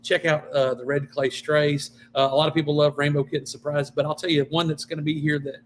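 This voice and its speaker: A man co-hosting a local live show, chatting in a relaxed, rambling way with lots of fillers. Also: on the high side, fast, a little hiss or hum. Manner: easygoing, rambling, with frequent fillers. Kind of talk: casual chat.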